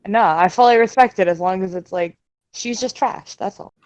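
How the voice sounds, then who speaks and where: A player in a tabletop game, chatting in an excitable, self-mocking way. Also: medium pitch, moderate pace, no room sound, lo-fi sound. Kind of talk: casual chat at a tabletop game.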